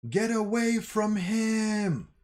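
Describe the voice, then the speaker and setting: A man voicing a fierce, protective young teen girl soldier who shouts urgent warnings. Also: fairly high pitch, slow pace. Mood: alarmed.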